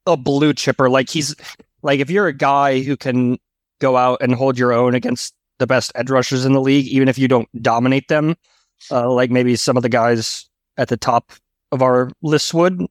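A man on a football podcast arguing his view in a quick, halting way full of fillers. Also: mid-range voice, steady tone, no echo. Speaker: analyst guest. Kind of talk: casual sports debate.

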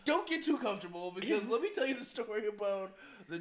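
A young man in casual profane banter, halting and laughing as he talks. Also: sits high, expressive, a bit bright. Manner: halting, laughs mid-sentence, trails off.

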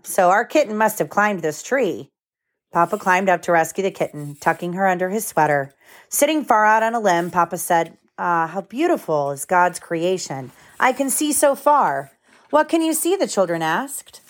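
A woman's voice: fairly low pitch, big pitch swings, moderate pace. A woman in her thirties reading a picture book aloud to her children at home, stopping to explain the story in plain words.

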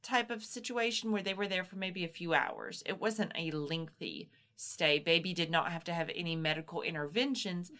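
A woman's voice: on the low side, normal speed, few pauses, a bit bright. A woman co-hosting a podcast, explaining things in a reassuring, plain way and sometimes acting out what a mother thinks. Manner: explanatory, reassuring, acts out moms' inner voices. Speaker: podcast co-host explaining postpartum health. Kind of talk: casual podcast chat.

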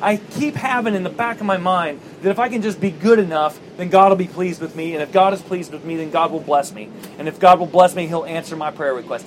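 Male pastor, higher voice, animated sermon delivery with faint traffic hum behind. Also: rough recording. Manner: animated storytelling, acting out quoted voices.

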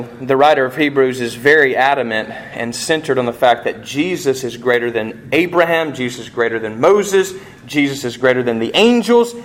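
A man preaching a sermon as pastor, animated, with rising emphasis and rhetorical questions. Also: a little high.

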